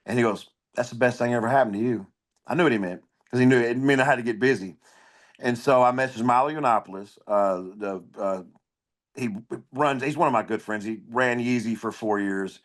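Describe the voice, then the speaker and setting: Man, comedian guest, blunt, swears freely, animated storytelling, mid-pitched voice. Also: brisk. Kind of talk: casual storytelling interview.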